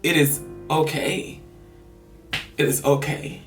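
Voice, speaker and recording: Man vlogger, earnest and rambling, raised pitch, mic set back, faint music underneath. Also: fairly even intonation, takes it slowly, distant mic. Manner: earnest, rambling, sighs between thoughts. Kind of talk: heartfelt personal monologue.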